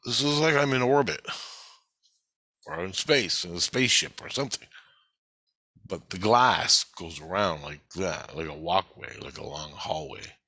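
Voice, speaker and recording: Male, lower voice with a sharp edge, dry close sound; agitated, profane, rambling spiritual monologue. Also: unhurried, no room sound. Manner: heavy swearing, agitated and rambling. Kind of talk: casual spoken monologue recounting a spiritual experience.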